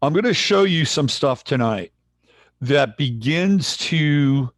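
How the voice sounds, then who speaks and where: A man hosting a livestream in casual chat, relaxed and rambling as he greets viewers. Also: on the high side, takes it slowly, dry recording. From San Jose, California, USA. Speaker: livestream host.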